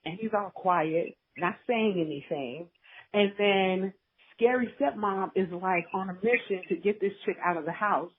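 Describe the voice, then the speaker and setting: A woman's voice: mid-range voice, measured pace, husky. A woman co-hosting a podcast, recapping a drama in casual, gossipy storytelling and acting out the characters' lines. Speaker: podcast co-host. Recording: tinny phone line.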